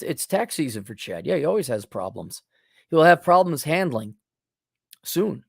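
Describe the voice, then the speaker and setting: A man's voice: medium pitch, gravelly, dry recording, clean studio sound. A middle-aged man hosting a livestream, reading super chats in a blunt, sarcastic, mocking way. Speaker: host.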